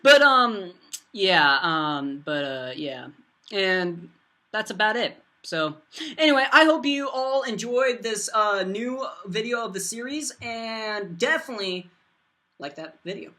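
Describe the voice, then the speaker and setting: A teenage boy vlogger telling a rambling storytime, full of fillers and bursts of loud silly voices. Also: high-pitched, expressive, measured pace. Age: teens.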